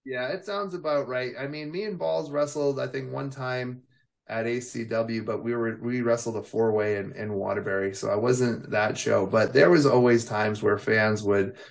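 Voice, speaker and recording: A man's voice: mid-range voice, fairly even intonation, moderate pace, vocal fry. A man in his forties from the United States, a veteran wrestler telling rambling stories in an interview, with lots of "you know" and "like". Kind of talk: casual storytelling interview.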